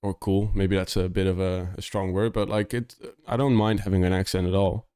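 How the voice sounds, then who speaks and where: A man's voice: deep voice, little pitch movement, a little fast, mellow, smooth, no echo, clean studio sound. A young man from the Netherlands with a Dutch accent, chatting casually on a live stream while reviewing demos, rambling with lots of "like" and restarts.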